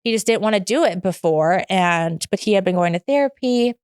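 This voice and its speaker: A woman in her thirties tells her story openly, rambling a little and restarting sentences. Her voice is smooth and resonant at a middle pitch. The sound is dry and close. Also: lively intonation, fairly quick, darkish tone, no room sound. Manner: open, frank, rambling with restarts. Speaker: podcast guest. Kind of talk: candid personal story in conversation.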